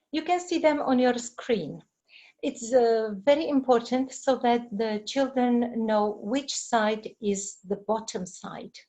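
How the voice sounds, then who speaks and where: Slow, hesitant woman giving a webinar. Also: a little high, a little mellow, poor audio. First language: Czech. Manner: hesitant, many fillers and apologies. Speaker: teacher trainer. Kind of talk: webinar presentation.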